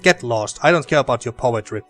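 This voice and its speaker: A man's voice: mid-range voice, lively intonation, brisk, a bit bright, soft background music, lightly acted. A man voicing a hurt, bitter young woman who was once a student, reading game dialogue aloud with slight emphasis.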